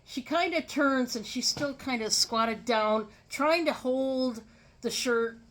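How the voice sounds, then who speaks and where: A woman casually telling a story to her viewers, chatty, with many fillers. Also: high voice. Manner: chatty and drawn-out, lots of fillers. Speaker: storyteller vlogger.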